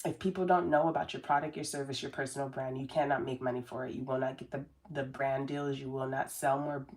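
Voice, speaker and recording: A woman's voice: rumbling low, fairly even intonation, a little fast, a little mellow. A woman giving an earnest, rambling motivational talk as a business coach, with many fillers and restarts. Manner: self-described very sensitive. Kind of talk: casual motivational talk to camera.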